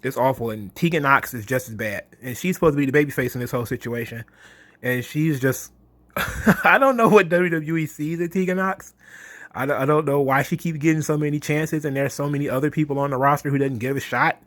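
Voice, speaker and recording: A man's voice: a little high, fairly quick, a bit bright, no room sound. A man ranting in a mocking, exasperated, profane monologue about wrestling. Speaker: wrestling commentary host.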